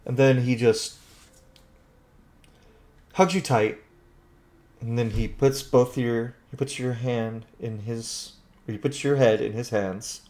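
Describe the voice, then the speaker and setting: A man narrating a tabletop game as game master, lively and quick to laugh. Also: medium pitch.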